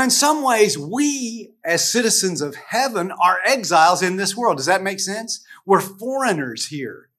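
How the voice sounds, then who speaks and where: A man from the United States leads a relaxed Bible lesson for a small group. His voice sits noticeably high for a man, and he talks in a loose, conversational way. He often restarts his sentences and poses rhetorical questions to the class. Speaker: Bible study teacher.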